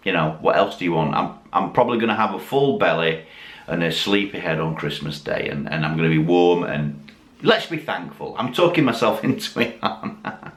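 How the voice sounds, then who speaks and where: A man's voice: low voice, animated, brisk, a bit bright. A tipsy man, rambling, swearing and mocking himself as he chats to camera at home. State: tipsy from drinking. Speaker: YouTube channel host. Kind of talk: casual chat to camera. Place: dim room at home, lit by Christmas lights. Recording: echoey room with faint background noise.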